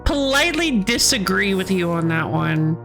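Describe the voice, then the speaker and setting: Bright-voiced woman streaming a game. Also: medium pitch, very animated, normal speed, gravelly, soft background music. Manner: rambling, playful, laughs often. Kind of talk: casual let's-play commentary.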